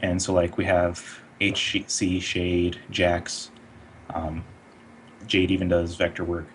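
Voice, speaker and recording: A man working as an animator, answering questions in a casual online interview in a relaxed, explanatory way with many fillers. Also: low voice, slow pace, slight background noise.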